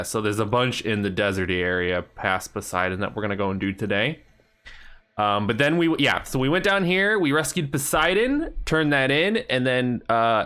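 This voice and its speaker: Streaming a game, this man speaks in a lowish, clean, slightly bright voice. He rambles through a recap of earlier progress while joking around with his viewers in chat.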